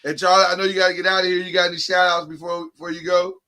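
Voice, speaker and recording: A man's voice: sits high, level tone, racing, sharp tone. A man hosting a casual sports podcast, talking emphatically and laughing often. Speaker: podcast host.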